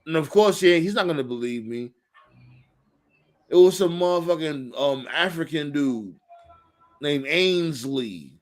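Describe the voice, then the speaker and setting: A man hosting a casual talk show, telling a profane story and acting out quotes in a raised, animated voice. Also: fairly high pitch, unhurried, long pauses. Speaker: podcast host.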